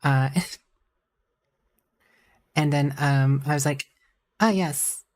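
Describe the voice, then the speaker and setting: A woman's voice: rumbling low, completely flat delivery, slow pace, a little mellow. A woman streamer chatting casually and rambling, with a giggly manner. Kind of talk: casual live-stream chat.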